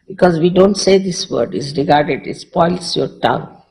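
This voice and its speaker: A woman's voice: sits low, normal speed, gravelly, darkish tone, poor audio. A woman from India with an Indian accent, speaking as a spiritual teacher in a public lecture, conversational and repeating short phrases for emphasis.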